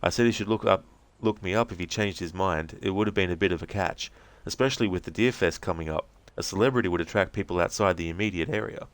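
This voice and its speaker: A man's voice: deep voice, quick pace, dry recording. A man voicing a prickly, defensive small-town radio host who speaks in a stiff, resentful, formal way, reading a game transcript.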